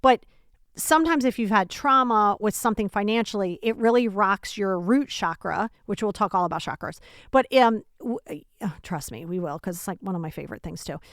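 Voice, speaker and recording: A woman's voice: mid-range voice, expressive, normal speed, no echo, studio quality. A woman hosting a self-help podcast from home, talking casually and emphatically straight to the listener, often asking rhetorical questions. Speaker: podcast host.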